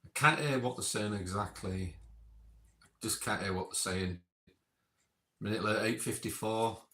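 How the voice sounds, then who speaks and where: Bright-voiced man in a roomy space. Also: on the low side, moderate pace. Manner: reads timestamps and quotes, chatty asides. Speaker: experiment host reviewing session notes. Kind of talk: casual recap reading out logged remarks. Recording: roomy echo.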